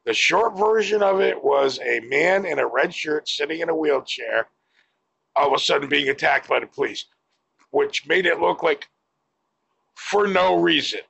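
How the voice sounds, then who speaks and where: A man's voice: on the high side, normal speed, gravelly, fairly bright tone, slightly rough, lo-fi sound. A man giving a blunt, profane opinion rant to camera as a vlogger.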